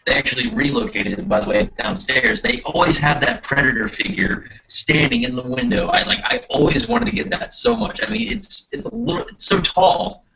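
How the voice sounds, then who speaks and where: An excitable man gushes through casual livestream chat. His voice is bright and gravelly, and his pitch swings all over the place. The stream audio is dull and lo-fi. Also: moderate pace, hardly any pauses.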